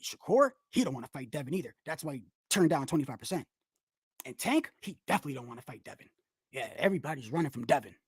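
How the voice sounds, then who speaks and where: A smug boxing pundit pushing hype in a dropped, mocking voice, put on by a woman. The delivery is dry and close to the mic, sharply lower than her usual talk. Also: very animated, quick pace, slightly rough, no echo, full character voice.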